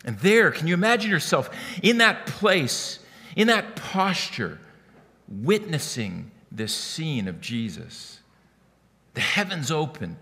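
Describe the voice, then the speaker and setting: Pastor, male, lively bright delivery, stammering restarts, big hall echo. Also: a little high, slow. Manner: animated, repeats words when starting phrases. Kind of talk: sermon.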